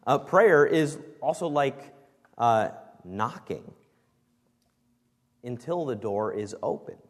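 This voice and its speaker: A male pastor delivering a Sunday sermon at a middle pitch. He speaks earnestly and stresses words with shifting emphasis. His voice rings out with the long reverb of a church hall. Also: a bit bright, slightly rough. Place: church sanctuary.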